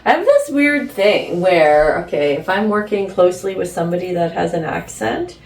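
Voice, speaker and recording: A woman's voice: on the low side, expressive, moderate pace, a little mellow. Chatty woman from Canada, roomy echo. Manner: chatty, playful, rambling asides. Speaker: vlogger. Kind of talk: casual chat while trying on clothes. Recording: roomy, distant, faint room noise.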